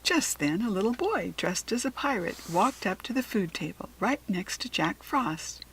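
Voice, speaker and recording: A woman reading a children's storybook aloud, slow, clear and expressive. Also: medium pitch, a little hiss or hum, rough recording. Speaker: storybook reader.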